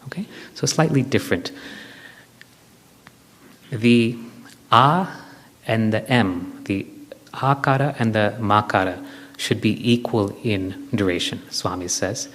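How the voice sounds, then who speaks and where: A man's voice: on the low side, slow, pauses often, a bit bright. A man giving a spiritual lecture to an audience, explaining step by step with everyday examples. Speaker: spiritual speaker. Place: hall with an audience. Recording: reverberant lecture hall.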